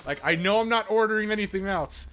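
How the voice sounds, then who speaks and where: A man's voice: high-pitched, fast, fairly bright tone, faint music behind. A man chatting casually while speedrunning a game, laid-back, laughing often and swearing freely. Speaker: speedrunning streamer. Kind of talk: casual chat while gaming.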